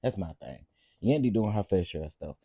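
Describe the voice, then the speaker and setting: Sassy, husky-voiced man hosting a gossip stream. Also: deep voice, a little fast, no room sound. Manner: sassy, expressive, talks straight to viewers. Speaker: live-stream host. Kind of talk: live-stream reality TV gossip commentary.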